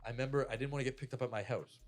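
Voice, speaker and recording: A man's voice: mid-range voice, steady tone, very fast, soft background music. A young Canadian man telling a rambling, profane story to friends on a podcast. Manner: rambling, profane, lots of "like" and "I'm like". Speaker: podcast co-host. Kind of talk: casual storytelling among friends.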